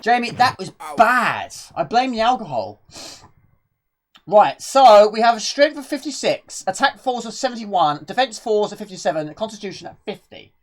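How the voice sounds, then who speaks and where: A woman streaming a retro game, talking loosely and breathlessly as she plays. Her pitch swings a lot and she rambles from one thought to the next, reading chat questions aloud as she goes. She sounds winded from nonstop talking. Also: sing-song, normal speed. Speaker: live streamer. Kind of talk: casual gameplay commentary.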